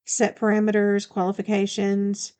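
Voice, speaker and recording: Woman reading a male shifter bodyguard, blunt, commanding, dark mellow tone, matter-of-fact. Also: mid-range voice, monotone, moderate pace, clear, resonant tone, close to an everyday voice. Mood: firm.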